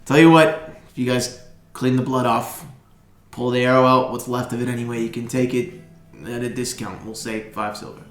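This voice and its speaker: A man doing a wry, gruff stable hand. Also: medium pitch, little pitch movement, normal speed, natural voice. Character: gruff blunt male stable hand, sardonic. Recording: echoey room with music behind.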